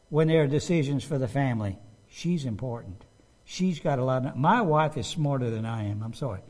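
A man's voice: medium pitch, a little mellow. Conversational preacher, man. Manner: conversational, asks the congregation questions. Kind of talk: sermon.

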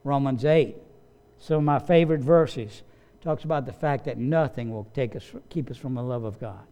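A man's voice: mid-range voice, moderate pace, dark tone. A man preaching a sermon as pastor, emphatic and repeating key phrases for weight.

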